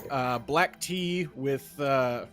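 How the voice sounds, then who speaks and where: A man's voice: medium pitch, very slow, fairly bright tone, soft background music. A young adult man rambling through a story in casual chat, with lots of fillers and laughs. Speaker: podcast co-host.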